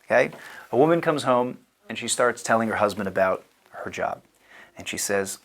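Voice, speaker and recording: A man's voice: medium pitch, expressive, moderate pace, vocal fry, a bit bright. A man in his thirties, a rabbi giving a casual lecture, chatty and digressive with lots of "you know" and "like". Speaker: rabbi teaching a class.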